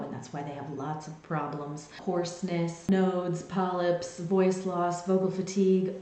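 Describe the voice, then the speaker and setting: A woman vocal coach gives a singing lesson straight to her viewers, her voice sitting a little low for a woman. She explains each point clearly and patiently. The room around her rings with a strong echo. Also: a little mellow. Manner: clear, explanatory, with sung demonstrations. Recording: very echoey room.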